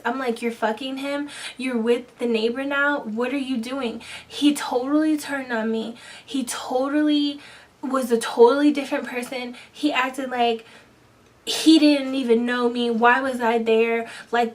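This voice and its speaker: A woman's voice: on the high side, distant mic. A woman telling a personal story in a casual vlog, quoting herself and others as she goes. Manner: animated, quotes herself and others in dialogue. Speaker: vlogger.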